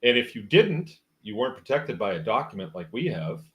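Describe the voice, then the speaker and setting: A man's voice: fairly low pitch, big pitch swings, brisk. A man hosting a livestream, reading out viewer comments and musing in a rambling, wry, casual way. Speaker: host.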